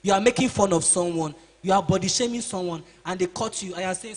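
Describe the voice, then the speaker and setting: A man with a high, slightly husky voice lectures a room of teenage boys. He preaches, fires questions at them and mimics their excuses. His voice rings out through a large, echoing hall. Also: brisk. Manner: preachy, asks the audience questions and acts out excuses. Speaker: seminar speaker for boys. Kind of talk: motivational talk to teenagers. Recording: reverberant hall.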